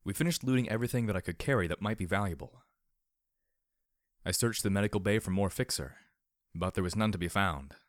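A man reading a first-person story aloud, measured and wry. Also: lowish voice, dry recording, clean studio sound. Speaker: audiobook reader.

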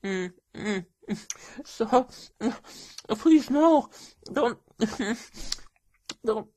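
A woman's voice: medium pitch, steady tone, drawn-out words, darkish tone, breathy edge, no room sound. A young woman in a solo audio role-play, speaking in a hesitant, stammering, pleading way and often dropping to a whisper.

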